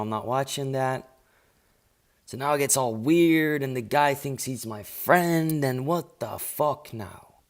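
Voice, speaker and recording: A man ranting on a live stream in a casual, profane and dismissive way, rambling and restarting his sentences, talking into an earphone mic. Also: medium pitch.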